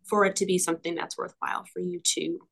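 A woman's voice: lowish voice, little pitch movement, fast talker, creaky, a bit bright, slightly rough. A woman speaking as a guest on a podcast, in a reflective, enthusiastic way, with frequent fillers and small laughs. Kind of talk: casual conversational interview.

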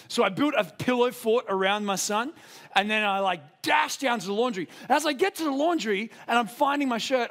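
A young man preaches a sermon in a high, animated voice. He tells personal stories with self-deprecating humor, speeding up and then slowing for emphasis. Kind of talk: sermon with storytelling.

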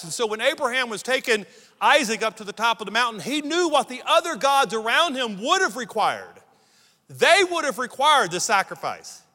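A middle-aged man from the United States preaches with a high, forceful voice, driving his points home in stacked, repeated phrases. His words ring out with the long reverb of a large church hall. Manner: emphatic preaching, building lists and repeated phrases. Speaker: pastor. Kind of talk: sermon. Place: church sanctuary.

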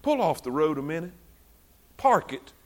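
A male preacher voicing God as a calm, gentle but commanding presence, speaking slowly and quietly. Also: fairly high pitch, voice pushed down. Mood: gently commanding. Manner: slow, hushed and firm.

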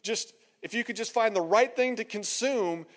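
A man's voice: high voice, normal speed, fairly bright tone, long reverb tail. A man preaching a sermon as pastor in a conversational way, acting out the voices he quotes. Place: church hall.

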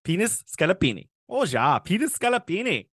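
A man's voice: high voice, big pitch swings, fairly quick, fairly bright tone, no room sound, studio quality, voice pushed up, heavily acted. A man putting on a hammy, upbeat male cooking-show chef with showy presenter patter. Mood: hammy cheerful.

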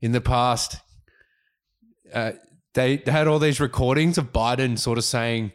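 A man with an Australian accent co-hosting a casual podcast, talking in a laid-back way with lots of fillers and pauses. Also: mid-range voice, steady tone, smooth. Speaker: podcast co-host.

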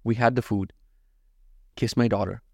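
A man's voice: on the low side, fairly even intonation, normal speed, vocal fry, a little mellow, no echo, studio quality. A young man hosting a solo podcast, rambling through jokey, profane stories. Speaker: podcast host. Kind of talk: casual solo podcast monologue.

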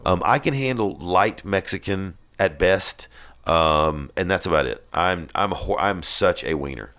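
A man with an extremely low, rumbling voice talks casually. He rambles with many ums and restarts and swears freely as he chats. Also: lively intonation, unhurried, fairly bright tone. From Tennessee. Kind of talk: casual chat.

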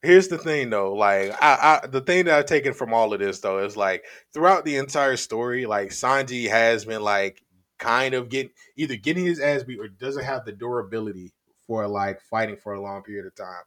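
A man's voice: mid-range voice, moderate pace, a bit bright, dry recording. A man co-hosting a podcast, recapping in loose, slang-heavy casual chat and laughing often. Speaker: podcast co-host.

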